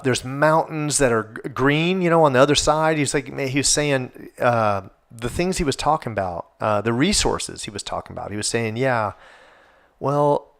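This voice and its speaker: A man's voice: medium pitch, gravelly. A man hosting a casual solo podcast, rambling and swearing as he gets worked up. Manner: rambling, profane, animated. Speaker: podcast host.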